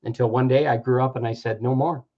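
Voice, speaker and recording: Speaking quickly in a mid-range voice with little pitch movement, a man in his fifties delivers an earnest personal-growth talk. He's reflective, at times imitating the people he quotes, and the lo-fi recording sounds dull.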